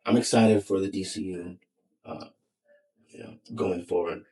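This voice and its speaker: A husky, low-voiced man co-hosts a podcast in loose casual chat. He rambles and restarts often, with plenty of fillers and casual swearing. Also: steady tone, normal speed, dark tone, low-quality recording. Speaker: podcast co-host.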